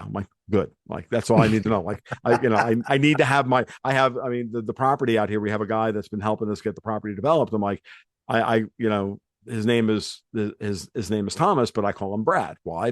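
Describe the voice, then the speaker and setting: A low-voiced man hosting a podcast chats casually, wandering through his thoughts and restarting sentences. He grew up in New York. The recording is dry and close. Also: fast, no echo. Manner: rambling, many fillers and restarts. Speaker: podcast host. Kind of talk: casual chat.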